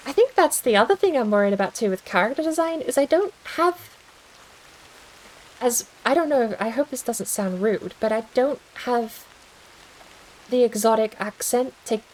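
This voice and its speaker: This is casual gaming-stream chatter from a woman who rambles, thinks aloud, and pokes fun at herself while she plays. She speaks at a normal speed in a fairly high, expressive voice. The low-quality recording carries slight background noise.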